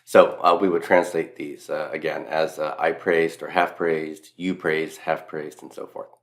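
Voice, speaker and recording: Southern male teacher, deep voice, emphatic lecture style, repeats his points. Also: little pitch movement, a little slow. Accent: Southern US (Mississippi). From Mississippi, US. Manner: emphatic, repeats key points, self-deprecating asides. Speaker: Latin teacher. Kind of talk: recorded grammar lecture.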